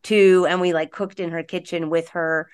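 A woman's voice: on the low side, little pitch movement, normal speed, clean tone. A woman hosting a podcast in casual chat, bubbly and rambling with lots of filler words. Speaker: podcast host.

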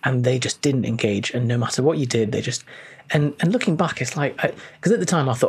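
A man, a fitness coach and podcast co-host, explaining his views thoughtfully in long, halting sentences on a video call. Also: mid-range voice, husky. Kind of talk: casual podcast chat.

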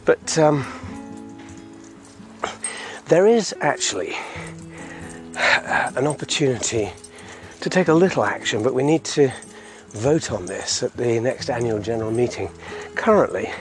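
A man's voice: mid-range voice, expressive, measured pace, pauses often, soft background music. Chatty man podcasting while walking uphill. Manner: chatty, chuckling, rambling. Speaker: community podcast host. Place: outdoors on a hillside road.

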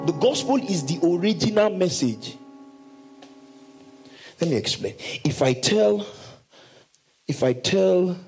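Husky, animated pastor preaching. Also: male voice, sits high, soft background music, rough recording. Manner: emphatic, drawn-out scripture reading, call and response. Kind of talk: preaching a sermon.

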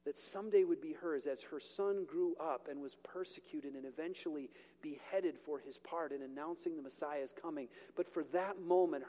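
High-voiced male pastor in a reverberant church. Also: warm tone. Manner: conversational and joking, corrects his own slips. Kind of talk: sermon. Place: church sanctuary with a congregation. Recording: long hall reverb.

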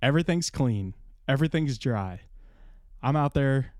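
Animated young man with a smooth, dry voice. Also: medium pitch, moderate pace, no echo. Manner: animated storyteller, swears freely, acts out quotes in a raised voice. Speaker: podcast co-host. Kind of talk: casual storytelling chat.

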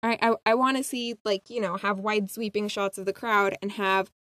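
A young woman in casual fan chat, excitable, laughing often and tossing in quick asides. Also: medium pitch, no echo.

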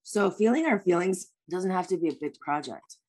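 A woman's voice: fairly low pitch, expressive, moderate pace, darkish tone, breathy edge. A woman speaking as a life coach guest in an interview, answering in an earnest, reflective way with many "like" fillers.

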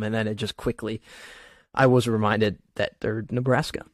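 A man co-hosting a sports podcast, talking casually and excitedly, sometimes stuttering. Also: mid-range voice, a little fast, no echo. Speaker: podcast co-host.

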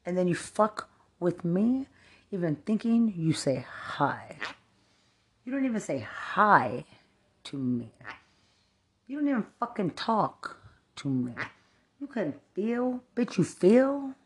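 A woman's voice: lowish voice, sing-song, takes it slowly, pauses often. A woman from Texas, delivering a profane, rambling rant, angry and cursing as she jumps from one thought to the next.

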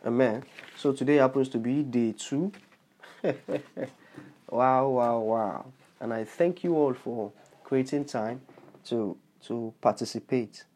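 A man's voice: medium pitch, measured pace, mellow, a little hiss or hum. A man preaching on his podcast as a bishop, leading a prayer with earnest repetition and cries of praise. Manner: earnest, repeats phrases, exclaims praise. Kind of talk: podcast sermon with altar call.

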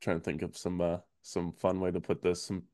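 A man hosting a podcast, talking in a laid-back, rambling way with fillers and soft laughs. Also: deep voice, completely flat delivery, a little fast, no echo, clean studio sound. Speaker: podcast host. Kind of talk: casual chat.

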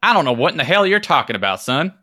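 A man voicing a folksy, gruff old man who talks loudly and drawls. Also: fairly low pitch, moderate pace, no room sound, clean studio sound. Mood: blustery.

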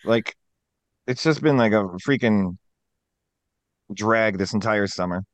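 A man on a podcast grumbling in a deadpan, gloomy way. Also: lowish voice, slow pace, no echo. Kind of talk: casual chat.

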